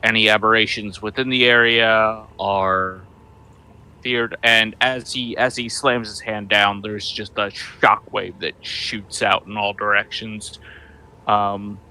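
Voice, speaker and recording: A man's voice: on the low side, level tone, slow, sharp tone, clear, resonant tone, poor audio. A man playing a tabletop game, describing his character's actions in a rambling, hesitant way. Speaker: player.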